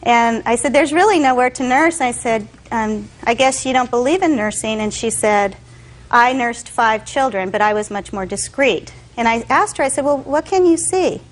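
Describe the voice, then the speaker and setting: A woman's voice: a little high, moderate pace, rough recording. A young woman testifying as a defendant in court, telling her story with animation and acting out other people's voices.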